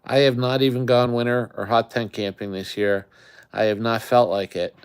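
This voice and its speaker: A man's voice: mid-range voice, little pitch movement, normal speed, smooth. A man hosting a casual live chat, rambling and talking straight to his viewers. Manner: rambling, chatty, talks to viewers. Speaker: livestream host.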